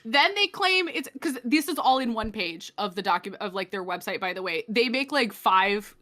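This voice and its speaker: A young adult woman co-hosts a casual comedic podcast, sarcastic and swearing, frequently breaking into laughter mid-sentence. She sounds animated at normal speed, her mid-range voice pushed and bright.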